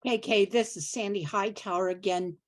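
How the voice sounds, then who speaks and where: A woman speaking up over a video call at a mid pitch. She tells her story with devout enthusiasm, lively and expressive, voicing the people in it as she goes. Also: moderate pace. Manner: enthusiastic, devout, acts out quoted dialogue. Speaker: audience member. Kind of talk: personal storytelling in a Q&A.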